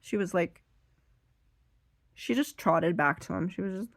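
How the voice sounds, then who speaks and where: A woman telling a rambling, self-deprecating stand-up story while seated, now and then bursting into loud high acted voices, her voice a little strained. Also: unhurried, gravelly, long pauses, no echo. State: strained voice from being too loud. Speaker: stand-up comedian.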